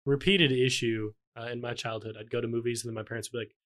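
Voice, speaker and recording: A man's voice: medium pitch, fairly even intonation, fast talker, fairly bright tone. Young man telling stories on a podcast. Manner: storytelling, dry humor. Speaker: podcast co-host. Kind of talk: casual chat.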